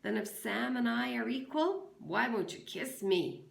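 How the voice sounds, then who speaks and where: A woman's voice: on the high side, animated, vocal fry, pitched above the performer's own voice, full character voice. A woman doing a drunk drawling sheriff. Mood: leering drawl. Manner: slow drawling, leering. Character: drunk lecherous small-town sheriff, slow drawl. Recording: echoey room.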